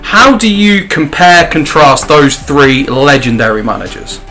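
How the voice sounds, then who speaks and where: Guy asking quick interview questions, bright sharp tone, faint music behind. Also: fairly high pitch. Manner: quick, eager questions with short agreements.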